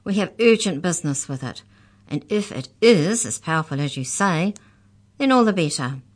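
A woman's voice: on the low side, expressive, normal speed. A woman reading aloud voices an angry, bullying male captor who demands answers and hisses threats. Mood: demanding. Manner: demanding, hissing.

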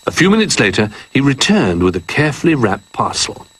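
A man reading a children's story aloud in an expressive, animated way. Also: medium pitch, a little fast, breathy edge, poor audio.

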